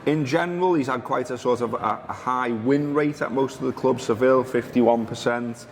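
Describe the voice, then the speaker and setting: A man's voice: mid-range voice, moderate pace, big-room sound, faint music behind. A man hosting a football podcast in a loose, teasing chat, tripping over names. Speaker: podcast host. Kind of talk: casual chat.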